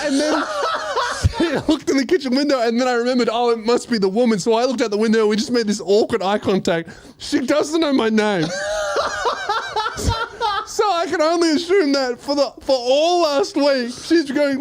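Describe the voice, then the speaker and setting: A man telling a funny story on a casual podcast, animated and laughing, swearing a lot and acting out the voices. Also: very high voice, moderate pace, a little hiss or hum. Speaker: comedian host telling a story.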